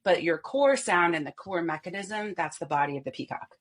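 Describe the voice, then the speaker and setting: Husky low-voiced woman voice coach. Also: brisk. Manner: animated, explains with vocal demonstrations. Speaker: voice coach and company CEO. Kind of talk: explanatory interview talk.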